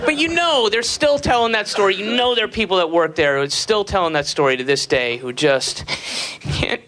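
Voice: mid-range voice, animated, a little fast, a crowd in the background, background noise. A stand-up comedian rambling through a bit and laughing along the way. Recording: live club recording, loud audience.

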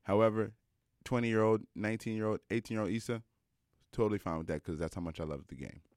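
Brief: young man, low voice, dry close sound, emphatic, loose casual storytelling. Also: quick pace, no room sound. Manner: animated and emphatic, with many fillers.

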